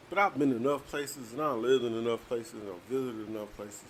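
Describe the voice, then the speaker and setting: A man's voice: medium pitch, fairly quick. A man from Detroit hosting a casual solo podcast, talking bluntly and heatedly with lots of profanity while eating and drinking. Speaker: podcast host.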